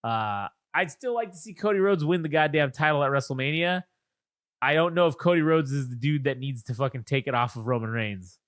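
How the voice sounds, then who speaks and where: A man's voice: on the high side, brisk, fairly bright tone, no echo, studio quality. A man co-hosting a casual wrestling podcast, rambling with lots of swearing and restarts. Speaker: podcast co-host. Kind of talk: casual chat about wrestling.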